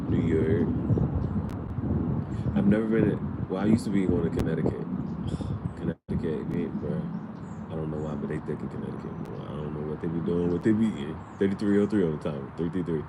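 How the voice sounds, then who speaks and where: A man's voice: deep voice, moderate pace. A man musing aloud in a laid-back, slangy, rambling monologue while he sits outdoors in the sun. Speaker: vlogger. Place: outdoors, sitting in a chair in the sun and wind. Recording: noisy outdoor recording.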